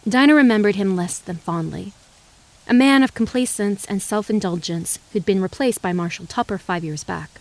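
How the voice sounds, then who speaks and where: A woman narrates an audiobook in a measured, dramatic storytelling voice. She reads steadily at a middle pitch. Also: darkish tone, no echo. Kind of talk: scripted narration.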